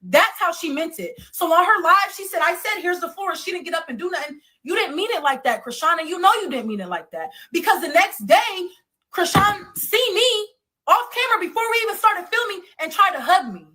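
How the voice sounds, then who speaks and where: A woman's voice: extremely high pitch, expressive, a little fast, sharp tone. A woman emphatically recounting a conflict, repeating her points and quoting the other person. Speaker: interviewee.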